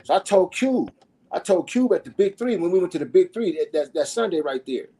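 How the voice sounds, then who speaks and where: Middle-aged male guest, husky and mellow, raucous storyteller who mimics the people he quotes. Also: fairly quick, rough recording. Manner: animated and profane, acting out quotes with big pitch swings. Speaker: podcast guest. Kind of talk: casual storytelling.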